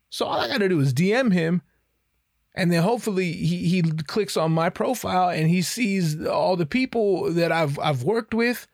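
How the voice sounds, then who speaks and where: A man's voice: sits high, lively intonation, moderate pace, no room sound, clean studio sound. A man hosting a podcast in a casual, rambling monologue, profane and self-mocking. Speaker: podcast host. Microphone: podcast headphones and mic.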